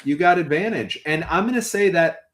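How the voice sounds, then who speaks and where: A man's voice: a little high, lively intonation, a little fast, a bit bright. A man acting as game master, explaining the rules of a tabletop game with many fillers.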